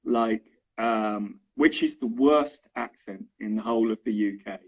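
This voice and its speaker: Husky Estuary English man, chatty. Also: on the low side, a little slow, low-quality recording. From London. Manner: chatty, keeps checking in with "right?" and "okay?". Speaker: English teacher, interview guest. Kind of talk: casual explanatory chat.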